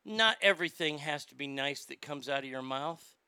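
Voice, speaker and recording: A man's voice: a little high, animated, normal speed, sharp tone, smooth, dry recording. A man ranting in a sarcastic, indignant, profane commentary, recorded on a close mic. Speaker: social media commentator.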